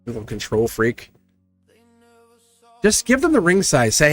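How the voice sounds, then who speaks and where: A man hosting a live-streamed tarot reading. He talks straight to his viewers in an animated, chatty way and laughs often. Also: fairly high pitch, a little slow, dry recording, soft background music.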